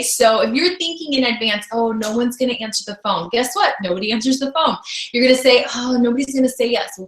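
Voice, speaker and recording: A woman's voice: fairly high pitch, a bit bright, reverberant, poor audio. A woman teaching a sales training class on video, upbeat and emphatic, often repeating her key lines. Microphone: camera.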